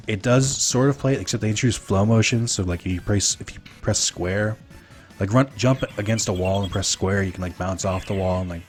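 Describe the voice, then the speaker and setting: A young man casually streaming a game, rambling to chat with lots of fillers. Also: deep voice. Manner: rambling, filler-heavy, relaxed. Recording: game music behind.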